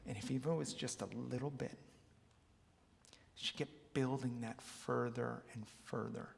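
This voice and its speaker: A man coaching a wellness workshop, telling stories with earnest, animated energy. His voice has a gravelly creak, and his words trail off into the long reverb of a large hall. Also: mid-range voice, unhurried, a little hiss or hum. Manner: earnest, animated storyteller who acts out quotes. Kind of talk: motivational storytelling talk. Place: large hall, live talk.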